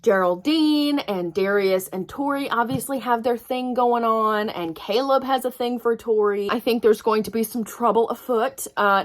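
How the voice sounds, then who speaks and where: A young woman book vlogger in a casual reading vlog, expressive and swearing freely as she gives her reactions. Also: medium pitch.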